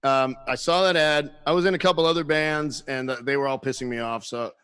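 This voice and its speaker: A man telling a story in casual chat as a guest musician, animated, swearing freely and laughing often. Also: medium pitch, brisk, clean tone.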